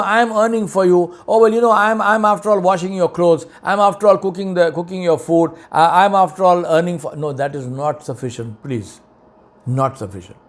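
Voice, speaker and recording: A middle-aged man giving an earnest, emphatic advice talk, repeating key points for stress. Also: a little mellow. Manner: mocking quoted voices in a higher tone. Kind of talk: lecture-style advice talk.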